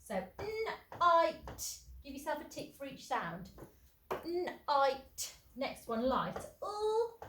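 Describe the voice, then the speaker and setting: A woman's voice: high voice, big pitch swings, slow, a bit bright. A woman teacher, giving a phonics lesson and sounding out letters in an encouraging way. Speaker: primary school teacher. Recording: echoey room, faint background noise.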